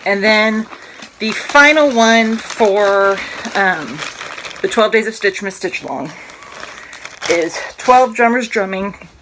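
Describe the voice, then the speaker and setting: A woman's voice: medium pitch, expressive, takes it slowly, long pauses, background noise. A woman in her thirties chatting at home in a casual vlog, rambling, breaking off mid-sentence and cracking little jokes. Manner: rambling, self-interrupting, jokey. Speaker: cross-stitch vlogger. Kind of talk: casual chatty show-and-tell.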